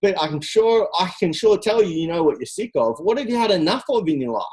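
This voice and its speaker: A coach giving an energetic, direct motivational talk on a group call, full of rhetorical questions. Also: mid-range voice, quick pace, low-quality recording. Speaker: team coach.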